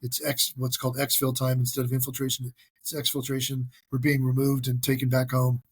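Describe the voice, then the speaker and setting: A man's voice: mid-range voice, completely flat delivery, fairly quick, husky, no room sound. A man hosting a solo podcast, talking in an earnest, self-deprecating way with frequent restarts. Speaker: podcast host. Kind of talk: casual solo podcast monologue.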